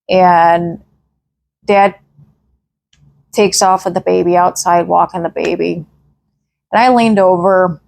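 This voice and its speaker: A woman's voice: medium pitch, vocal fry, a little mellow. Earnest woman telling a podcast story. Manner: earnest storytelling, repeats "I said" while retelling. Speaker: podcast host; mother. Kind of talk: casual podcast monologue.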